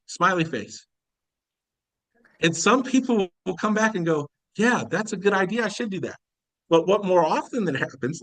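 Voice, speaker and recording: Man, sales leader, animated coaching talk, high voice, dry close mic. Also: no echo, rough recording. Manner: animated, acts out quoted conversations, laughs often. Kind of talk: casual recruiting training talk.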